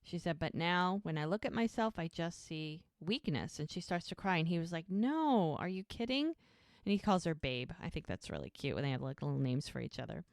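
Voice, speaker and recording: A woman's voice: deep voice, a little fast, gravelly, few pauses, dry recording, studio quality. A woman co-hosting a podcast, casually retelling show scenes and acting out the characters' lines. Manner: retells scenes, quoting characters in animated voices. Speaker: podcast co-host. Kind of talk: casual recap chat.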